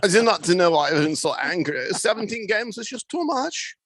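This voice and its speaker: A man playing an angry, shouting man with a put-on German accent, as a bit on a sports radio show. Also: high voice, sing-song, normal speed, no room sound, exaggerated voice. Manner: shouty, gruff.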